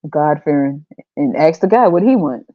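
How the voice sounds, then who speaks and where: A woman's voice: deep voice, expressive, normal speed, dry recording, dull audio. Profane, exasperated woman podcast host. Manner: profane, exasperated, laughs often. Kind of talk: blunt ranting commentary.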